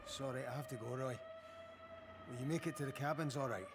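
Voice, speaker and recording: An actor with a Scottish accent playing a shaken, swearing oil rig worker who talks bluntly and urgently. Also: male voice, mid-range voice, fast, over loud music, close to an everyday voice.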